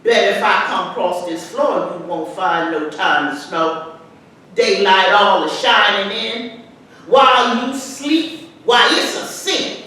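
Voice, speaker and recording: A woman reciting a dialect poem, playing a stern older woman scolding a sleepy boy awake in a loud, sing-song voice. She is recorded from far off in an echoey hall at a live event, with faint noise behind. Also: mid-range voice, slow pace. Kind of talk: dramatic poetry recitation. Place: arts venue, live discussion.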